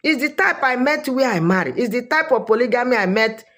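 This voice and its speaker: A woman's voice: fairly high pitch, lively intonation, a little fast, a bit bright. A woman with a Nigerian accent giving opinionated social commentary, emphatic and repeating her points for weight.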